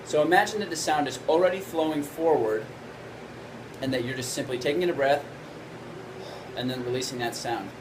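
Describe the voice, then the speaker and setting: Casting note: male trumpet teacher, mid-pitched, easygoing explainer, steady air conditioning hum behind. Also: a little fast, long pauses. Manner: relaxed explaining, frequent "right?" checks. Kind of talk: instructional video lesson.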